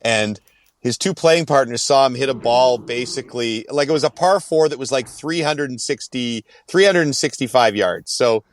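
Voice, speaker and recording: A man's voice: medium pitch, lively intonation, moderate pace, slight background noise. A man co-hosting a podcast, telling long rambling stories in casual chat with many fillers. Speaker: podcast co-host.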